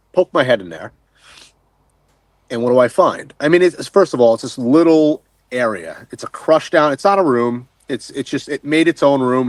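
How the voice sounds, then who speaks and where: A man telling an excitable diving story, swearing casually and acting out what he said at the time. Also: a little high, no room sound. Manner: excitable, swears casually, acts out his own quotes. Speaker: wreck diver guest. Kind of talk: animated storytelling.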